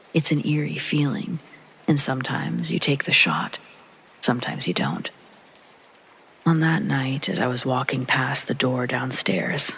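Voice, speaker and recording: A man narrating a first-person horror story in a calm, low-key reading that often sinks to a soft whisper, with rain behind him. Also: gravelly, a little hiss or hum, low-quality recording. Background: rain sounds.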